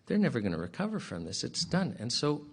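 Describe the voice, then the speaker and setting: A man speaking at a public inquiry, retelling a parable in an earnest, plain-spoken way with casual asides, and often clearing his throat between phrases. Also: medium pitch, huge pitch swings, fast talker.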